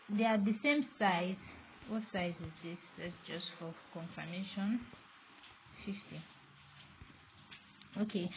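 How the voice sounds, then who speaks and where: A woman teaching graphic design, explaining step by step as she works on screen. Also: medium pitch. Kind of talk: screen-recorded tutorial. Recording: tinny, phone-like audio with faint noise.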